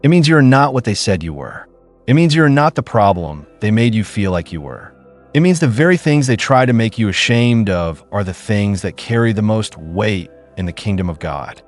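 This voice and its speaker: Low-voiced man preaching a solemn sermon. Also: animated. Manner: slow, solemn, declarative cadence. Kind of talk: scripted devotional sermon. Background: soft music.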